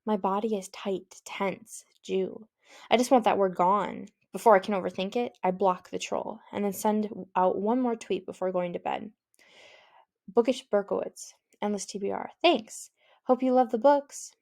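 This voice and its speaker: Female audiobook narrator, first-person, casual and youthful, with a touch of vocal fry. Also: mid-range voice, fairly even intonation, normal speed, darkish tone. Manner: conversational, youthful, inward.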